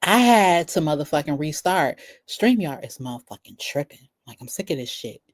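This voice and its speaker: Woman streamer, lower voice, blunt and profane, talking to chat. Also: very animated, moderate pace, no echo. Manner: profane, talks to chat and her cats. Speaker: streamer reacting to a video. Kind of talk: casual live-stream commentary.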